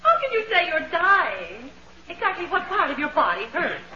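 A shrill melodramatic radio wife. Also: female voice, sing-song, normal speed, sharp tone, full character voice. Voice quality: shrill, melodramatic, sobbing theatrically. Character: fussy, sentimental middle-aged wife Melvina. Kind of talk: 1940s radio acting. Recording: dull old radio recording.

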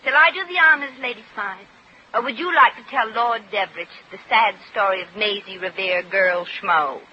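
A woman's voice: mid-range voice, normal speed, natural voice. A woman playing a brash American shop girl in a 1940s radio drama, talking in slang with wisecracks. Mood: sassy. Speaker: lead actress. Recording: muffled old radio recording with hiss.

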